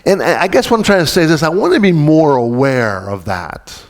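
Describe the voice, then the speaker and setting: A man's voice: on the high side, expressive, fairly quick. Man preaching a chatty, searching sermon. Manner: informal and searching, with frequent restarts and questions to the congregation. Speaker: pastor. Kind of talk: conversational sermon.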